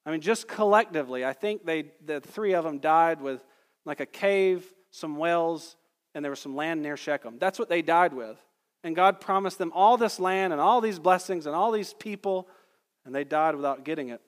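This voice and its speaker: Emphatic preacher in an echoing hall. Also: male voice, on the high side, moderate pace. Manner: conversational preaching, builds to emphatic peaks. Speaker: pastor. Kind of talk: sermon.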